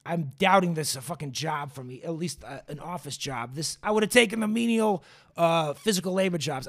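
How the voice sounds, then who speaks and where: Young dude podcast host rambling a wild story, lots of cursing, slightly high voice. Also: male voice. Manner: profane, animated, off-the-cuff. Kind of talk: casual storytelling.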